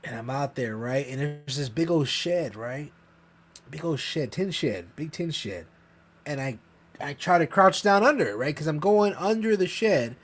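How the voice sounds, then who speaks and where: A man telling a long, profane story in casual podcast chat, rambling and animated. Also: on the high side, moderate pace. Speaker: podcast co-host.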